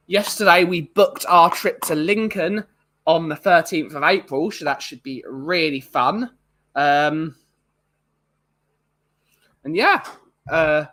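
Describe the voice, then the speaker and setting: A man rambles casually through a live stream, full of ums and uhs. His voice sits fairly high for a man and sounds bright and forward. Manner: rambling, chatty, many fillers.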